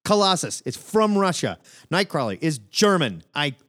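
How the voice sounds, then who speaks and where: A man co-hosting a comic book call-in podcast, chatting casually, animated and often laughing. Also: on the high side, moderate pace. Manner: animated, laughing, mocks accents in exaggerated bursts. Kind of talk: casual chat.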